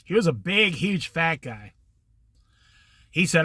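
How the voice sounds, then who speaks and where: An older man spins a rambling story from his past, acting out both sides of old conversations as he goes. His pitch sits high for a man and swings widely from phrase to phrase. The tone is very bright and ringing, and the dry, close sound has no room echo at all. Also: expressive, unhurried. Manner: rambling anecdotal storyteller, quotes people in conversation. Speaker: host. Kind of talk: casual storytelling monologue.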